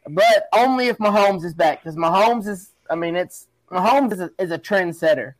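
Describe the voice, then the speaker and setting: A man's voice: high voice, normal speed, no echo, rough recording. A man in his thirties co-hosting a podcast, talking football in casual, emphatic chat. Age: 30s. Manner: animated, emphatic, talks over others. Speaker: podcast co-host.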